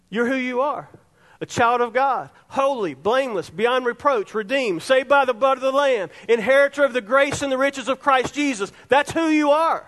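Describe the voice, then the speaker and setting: A middle-aged male pastor with a very high voice delivers a sermon, leaning on repeated phrases for emphasis. His voice carries a long reverb from the hall around him. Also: moderate pace, fairly bright tone. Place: church sanctuary.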